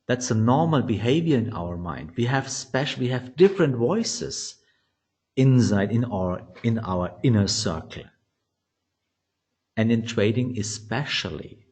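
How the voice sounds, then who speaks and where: A man teaching trading psychology in non-native English, animated and often restarting phrases. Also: medium pitch. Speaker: trading educator. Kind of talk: instructional talk.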